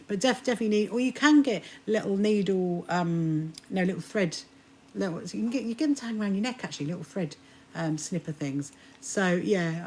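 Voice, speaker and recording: A woman's voice: fairly low pitch, darkish tone, slight background noise. A woman hosting a sewing live stream, chatting casually and rambling through restarts as she talks to viewers. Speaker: sewing livestream host.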